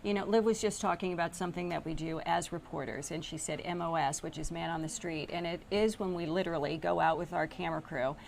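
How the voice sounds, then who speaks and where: A woman's voice: fairly low pitch, fairly even intonation, quick pace, gravelly, few pauses, slight background noise. A woman TV news anchor chatting casually on air, explaining things to viewers and laughing along with her co-host.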